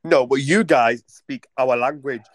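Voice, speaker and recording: A man's voice: mid-range voice, measured pace, dry recording. A man with an English accent on a video chat, prim and formal, often repeating himself. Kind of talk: casual video chat argument.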